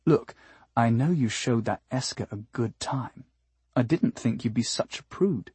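A man voicing an eager, blunt alien woman who is easily offended, in a hushed, breathy, matter-of-fact way, with a husky edge and a dry, close sound. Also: mid-range voice, unhurried, no echo. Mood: indignant.

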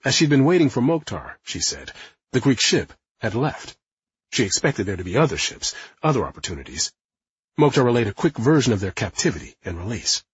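A man narrating a nonfiction audiobook in a lively, expressive manner. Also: mid-range voice, a little fast, husky, dry recording, dull audio. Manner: lively, acting out quotes.

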